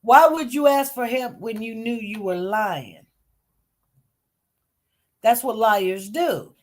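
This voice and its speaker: A woman's voice: fairly high pitch, slow. A woman giving casual, emphatic commentary on news stories, repeating herself and talking informally. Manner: emphatic, repetitive, animated.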